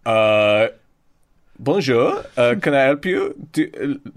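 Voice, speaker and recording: A man's voice: medium pitch, animated, slow pace. Man playing a fawning French rave bouncer. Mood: starstruck. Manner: hesitant, fawning, full of uhs. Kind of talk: improvised comedy bit.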